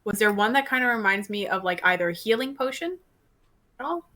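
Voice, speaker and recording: A woman's voice: mid-range voice, expressive, fairly quick, pushed and bright. A woman playing in a tabletop role-playing game, chatty and full of filler words. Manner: chatty, laughing, many "like" fillers. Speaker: player. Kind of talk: casual tabletop play.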